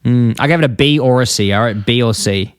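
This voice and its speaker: A man co-hosting a casual podcast, recapping scenes in a rambling way with quick high-pitched quotes. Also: smooth, no echo. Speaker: podcast co-host. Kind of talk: casual chat.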